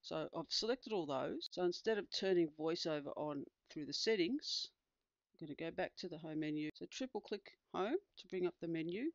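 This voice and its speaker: An instructor calmly explaining a tablet feature step by step, with small fillers along the way. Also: mid-range voice, fairly quick, no room sound, highs cut off. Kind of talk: screen-recorded tutorial demonstration.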